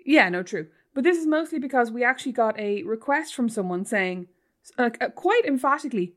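A woman co-hosting a podcast with her sister, teasing and animated, often breaking into laughter. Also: a little high, brisk. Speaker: podcast co-host. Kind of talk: casual chat between sisters.

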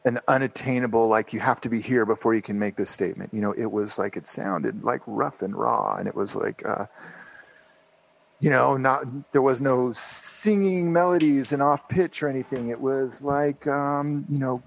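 A man's voice: medium pitch, steady tone, moderate pace, gravelly, rough recording. A man in his fifties, a podcast guest, telling a rambling story with lots of fillers and restarts. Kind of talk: casual storytelling interview.

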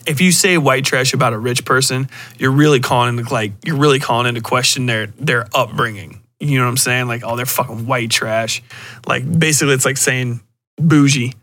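Dude ranting on his podcast, swears constantly, bright voice, keeps restarting sentences. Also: mid-range voice, fairly quick, dry recording. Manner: profane, rambling, animated, frequent restarts. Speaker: podcast host. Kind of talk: casual solo rant.

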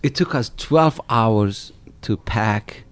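A middle-aged man from Turkey, an animated storyteller who repeats words as he recounts his company's start in an interview. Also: lowish voice, slow, clear, resonant tone. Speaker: company founder guest.

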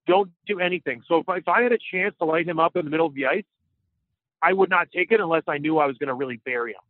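A man's voice: a little high, quick pace, no echo. A man co-hosting a casual sports podcast, chatting in a playful, rambling way. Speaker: podcast co-host. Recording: dry, tinny phone-like line.

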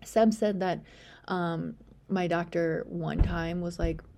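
Woman, low voice, gravelly fry, casual storytelling, chatty with fillers, slips into whispers. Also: fairly even intonation, slow pace, mellow, slight background noise. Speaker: podcast host.

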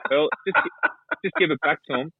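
On a dry phone-line call with no echo, an Australian man with a fairly high voice speaks a little fast. He's a guest pundit in casual sports chat, rambling, cursing and filling gaps with ums and the like.

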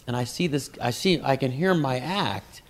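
A man who is a guest comedian, telling stories in an animated way, acting out voices and mocking himself with a lot of swearing. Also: medium pitch, normal speed. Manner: animated, acts out voices in anecdotes; profane and self-mocking. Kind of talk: conversational storytelling.

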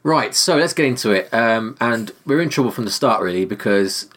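A man's voice: mid-range voice, expressive, moderate pace, a bit bright. A man hosting a casual film podcast, rambling and hesitant, often ending points with tag questions. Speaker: podcast host. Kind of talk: casual chat.

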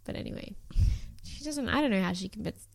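A woman's voice: medium pitch, animated, quick pace, creaky, dry recording. A young woman co-hosting a podcast, chatting casually and sarcastically, acting out quotes from a reality show. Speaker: podcast co-host.

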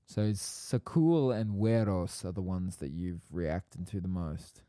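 A man hosting a casual podcast, talking in an easygoing, drawn-out way. His voice is mellow and smooth, a little low. It sounds dry and close to the mic. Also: expressive, no echo. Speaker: podcast host and game master. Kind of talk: casual chat.

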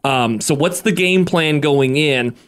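A man's voice: a little high, measured pace, fairly bright tone, clear, resonant tone. Man, podcast host, chatty, self-deprecating, casual interview.

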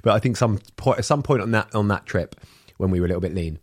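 A man's voice: on the low side, fast, no room sound, clean studio sound. A man co-hosting a podcast, telling rambling stories in casual chat with many restarts. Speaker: podcast co-host.

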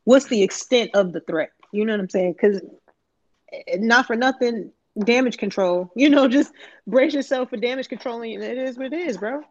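A woman's voice: a little high, normal speed, a little mellow. A woman in casual podcast chat, talking candidly and profanely, rambling with lots of slang and filler words. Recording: muffled lo-fi recording.

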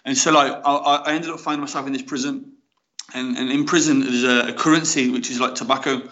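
A young man with a Black Country accent talks fast and frankly, telling his story as a podcast guest. His delivery is chatty and full of fillers. The recording sounds slightly dull and lo-fi. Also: medium pitch, steady tone, pushed and bright. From West Midlands, England. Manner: chatty and frank, with many fillers like "mate" and "you know". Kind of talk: casual storytelling in a podcast interview.

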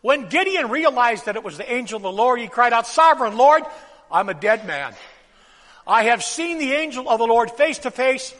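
A male pastor preaching in a church sanctuary, his very high, bright voice ringing with a long hall reverb. He swings between loud bursts and hushed, quiet lines. He has the congregation repeat key phrases after him. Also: animated, fairly quick, hardly any pauses. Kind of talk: sermon.

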